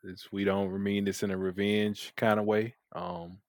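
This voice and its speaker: A man's voice: fairly low pitch, level tone, measured pace, dry recording, clean studio sound. A man co-hosting a podcast in a laid-back, joking way, laughing often. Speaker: podcast co-host. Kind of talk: casual podcast chat.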